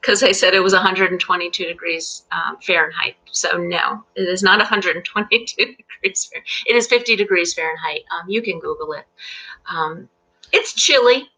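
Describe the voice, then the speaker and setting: A middle-aged woman teaching English on a live stream, explaining patiently and clearly with fillers and easy laughs. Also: fairly low pitch, moderate pace, sharp tone, low-quality recording. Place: home in Central Virginia.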